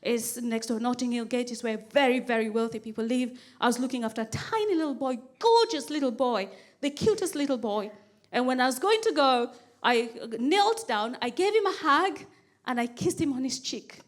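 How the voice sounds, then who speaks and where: A woman comedian on a stage mic, with a high, bright voice. She tells her stories with animated energy and repeats phrases for comic build-up. Her quoted pleas are acted out. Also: moderate pace. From Kenya. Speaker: stand-up comedian. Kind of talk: stand-up storytelling.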